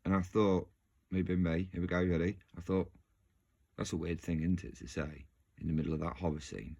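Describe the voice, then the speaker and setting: This video host's voice sits low, moves at normal speed, and sounds like its highs are cut off. He talks to viewers in a loose, rambling way, breaking off and restarting sentences, animated and quick to laugh.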